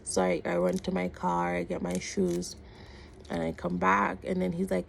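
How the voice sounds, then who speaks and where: Woman vlogger, casual storytime, gravelly vocal-fry voice, animated quoting. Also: on the low side, normal speed, a little hiss or hum. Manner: animated retelling with quoted dialogue and repeated words.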